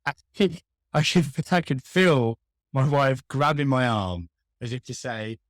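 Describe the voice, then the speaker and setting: A man's voice: mid-range voice, animated, a little slow, dry recording. A man, a customer experience expert, chatting as a podcast guest and telling wry, self-mocking stories. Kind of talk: casual interview conversation.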